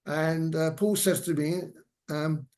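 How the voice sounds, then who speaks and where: An older Englishman, formerly a hairdresser, is a guest speaker in a senior center lecture hall, telling rambling anecdotes full of fillers. His voice is a little high yet darkish, with a steady tone and slow pace.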